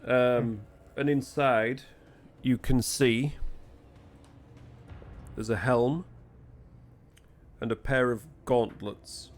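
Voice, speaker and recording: A man's voice: medium pitch, fairly even intonation, very slow, pauses often. A man with a Northern English accent narrating as dungeon master, explaining rules patiently and teasing his players. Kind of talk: narrating a tabletop game.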